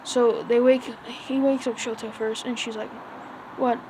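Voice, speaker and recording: Woman, fan recapping a story, loose casual delivery, rambling with filler words, voice sits a touch high. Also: flat delivery, moderate pace, background noise. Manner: rambling, full of "like" and "so yeah". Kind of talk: casual retelling.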